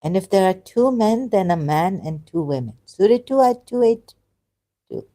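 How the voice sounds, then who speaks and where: This casual commentary comes from a woman who criticizes religion, reading a video aloud and reacting to it. Her voice is medium-pitched, warm and animated, at a normal speed. She sounds exasperated and argumentative, tripping over words as she argues back.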